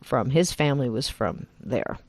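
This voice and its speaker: A woman podcast host from New Jersey, with a Jersey accent tinged with Southern, chatting warmly and laughing often in a remote interview. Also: extremely low pitch, lively intonation, normal speed, dry recording. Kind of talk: casual interview chat. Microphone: remote call.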